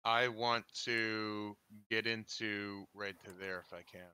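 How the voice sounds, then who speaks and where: A man's voice: lowish voice, steady tone, slow, pushed and bright, clean tone, dry recording. A man playing a tabletop game over a video call, chatting casually and thinking aloud about his moves. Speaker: player. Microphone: video call mic.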